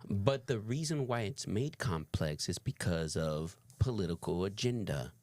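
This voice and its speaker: A man's voice: deep voice, expressive, measured pace, darkish tone, no echo. A man co-hosting a reaction video, giving emphatic commentary and swearing freely. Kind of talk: casual opinionated commentary.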